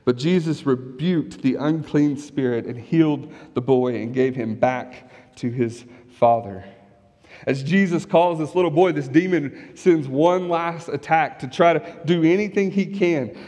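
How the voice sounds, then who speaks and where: A man preaching a sermon in a relaxed, conversational way, asking his congregation rhetorical questions as he goes. His voice sits fairly high for a man. The sound has a long reverb tail, like a large hall. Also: unhurried. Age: young adult or middle-aged, has kids. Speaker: pastor.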